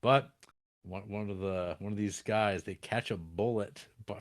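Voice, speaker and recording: A man's voice: fairly low pitch, fairly even intonation, normal speed, no room sound, clean studio sound. A man co-hosting a casual film podcast, recapping a plot in a laid-back, chuckling way. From Canada. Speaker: podcast co-host.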